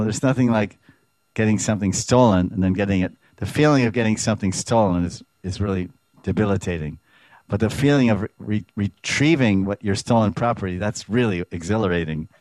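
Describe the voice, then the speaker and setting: A man's voice: low voice, darkish tone, no echo. A man giving a devotional lecture as a Vaishnava teacher, speaking expressively, repeating words and making playful sound effects.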